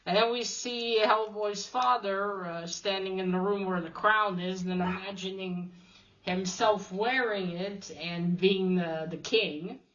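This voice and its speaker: Woman, casual comic recap, slow unhurried delivery, middle pitch, dull lo-fi sound. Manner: retells scenes, quoting characters in a flat loose way, many "uh"s and "he's like". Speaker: comic reviewer.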